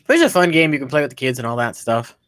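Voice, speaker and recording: A man's voice: medium pitch, lively intonation, racing, fairly bright tone, dry recording. A man co-hosting a casual chat, explaining a board game and reading its box text aloud. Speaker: co-host.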